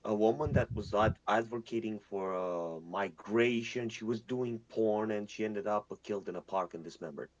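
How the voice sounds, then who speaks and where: Lowish man, pushy questioner, swears, dull dry chat audio. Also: moderate pace, few pauses, no room sound. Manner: probing, interrupts with questions, swears. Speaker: debate participant. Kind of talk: casual voice-chat debate.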